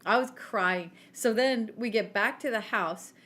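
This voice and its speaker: A woman's voice: fairly high pitch, a little slow, a crowd in the background. A woman co-hosting a podcast, telling a story in a casual chat and laughing often. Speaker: podcast co-host.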